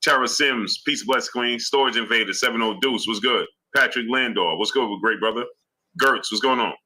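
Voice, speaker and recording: A man's voice: mid-range voice, normal speed, sharp tone, low-quality recording. A man on a boxing live stream, hyping viewers by name in streetwise slang. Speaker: boxing YouTuber reading super chats. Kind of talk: live-stream shout-outs.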